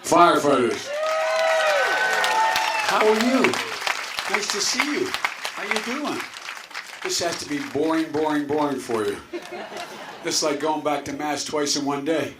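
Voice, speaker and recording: A man's voice: on the high side, moderate pace, long pauses, over a noisy crowd. Older man, folksy rambling speech, echoey hall. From Delaware. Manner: folksy, rambling storyteller with chuckles and asides. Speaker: political candidate. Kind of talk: campaign speech to a crowd. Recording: echoey hall with faint noise.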